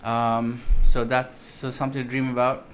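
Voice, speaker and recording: A man's voice: mid-range voice, level tone, normal speed, a bit bright, slight background noise. A man vlogging an unboxing of computer parts in enthusiastic, rambling casual chat, with many ums and restarts. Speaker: tech vlogger.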